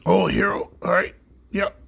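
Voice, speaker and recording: A man's voice: a little slow, fairly bright tone, whispered, natural voice. A man impersonating a folksy, wry older male TV handyman with dry one-liners.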